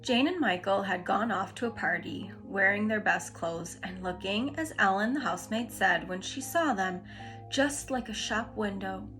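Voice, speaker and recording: A woman reading a classic children's book aloud, gently and expressively. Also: mid-range voice, lively intonation, moderate pace, few pauses, faint music behind. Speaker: storybook reader.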